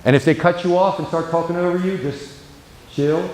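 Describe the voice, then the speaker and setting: A man, a pastor, teaching a counseling class in a conversational lecture style, often checking in with the class and going softer and slower when he models calm talk. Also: high voice. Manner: drops to a soft slow voice when modeling calm speech. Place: church hall. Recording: echoey church room.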